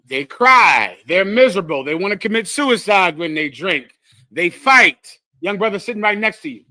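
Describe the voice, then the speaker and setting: Guy preaching, high voice, bright and punchy, calling out to the crowd, dry close sound. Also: moderate pace, no room sound. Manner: animated call-and-response, addresses listeners directly. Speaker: teacher leading a scripture class. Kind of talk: preaching to a live congregation.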